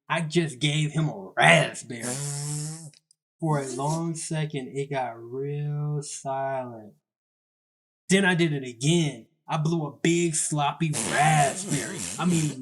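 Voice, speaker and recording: Young male storyteller, slightly raised pitch, casual slangy self-deprecating comic narration. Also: slow, fairly bright tone, breathy edge.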